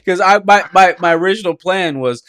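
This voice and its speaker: A man's voice: high voice, fairly quick, fairly bright tone, smooth. A man co-hosting a casual gaming podcast, telling rambling stories full of swearing and restarts. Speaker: podcast co-host.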